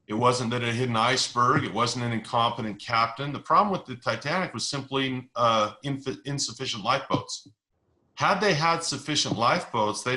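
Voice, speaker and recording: A middle-aged man with a bright, forceful voice talks through investing ideas in a relaxed interview. He leans on everyday analogies and stories and repeats key words to drive them home. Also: mid-range voice, rough recording. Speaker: investing educator, interview guest. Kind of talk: conversational explanation.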